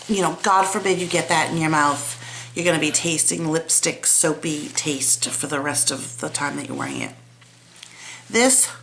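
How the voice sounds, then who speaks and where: A woman's voice: mid-range voice, bright, forceful tone, a little hiss or hum. A woman vlogger chatting casually at home about lipsticks and nail polish, rambling, trailing off and restarting, poking fun at herself. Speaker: beauty vlogger. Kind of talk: casual product review chat.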